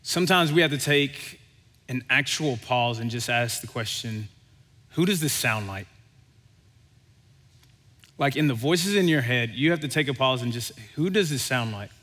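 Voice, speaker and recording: A male pastor preaching a sermon, with relaxed, conversational delivery and animated storytelling. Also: mid-range voice, moderate pace, pauses often. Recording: long hall reverb.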